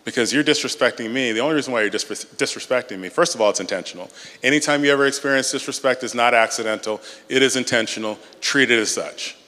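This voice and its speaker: A man speaking at a church conference, answering audience questions in a measured, emphatic way. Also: mid-range voice, bright, forceful tone. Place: large hall. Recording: hall with long reverb.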